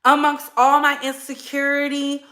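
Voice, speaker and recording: A woman's voice: sits high, completely flat delivery, moderate pace, pushed and bright. A woman hosting her own commentary channel, talking bluntly and emphatically and repeating phrases for effect. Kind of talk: heated commentary monologue.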